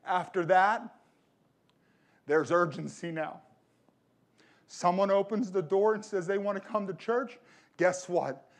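A man's voice: sits high, takes it slowly, pauses often. A man preaching a sermon as a pastor, telling a personal story and repeating phrases for emphasis.

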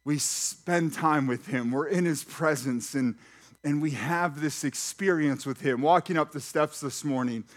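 A man with a fairly high speaking voice preaches to his congregation in church. He keeps things lively, tossing out questions and light jokes as he goes. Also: unhurried. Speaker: pastor. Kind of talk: sermon. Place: church sanctuary.

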